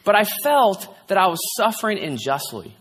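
A man's voice: sits high, big pitch swings, moderate pace, fairly bright tone, slight background noise. A male pastor preaching a candid, conversational sermon, sharing a personal story. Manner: candid, conversational, tearful at times, frequent "right?". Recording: long hall reverb.

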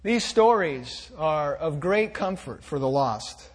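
Male pastor preaching, kinda high voice, slow and gentle, thoughtful. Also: lively intonation. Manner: gentle, reflective, with small restarts. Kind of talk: sermon.

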